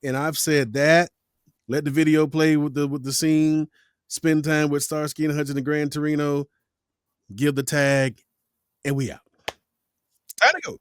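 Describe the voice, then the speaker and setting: This interview host has a fairly high, clean-toned voice at a normal pace, captured in a dry recording. Talking shop about voice-over sessions, he grows animated and acts out studio dialogue in different voices.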